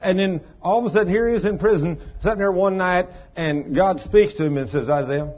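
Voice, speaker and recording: A man preaching a sermon, telling a testimony in a folksy, animated way and acting out voices. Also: sits high, a little fast, lo-fi sound. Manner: folksy, animated, acts out voices and shouts for emphasis.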